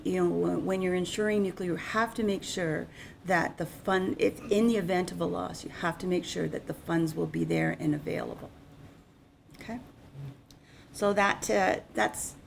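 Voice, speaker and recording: A woman's voice: fairly low pitch, creaky, slight background noise. A middle-aged woman giving an unscripted, conversational conference presentation on insurance. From Canada.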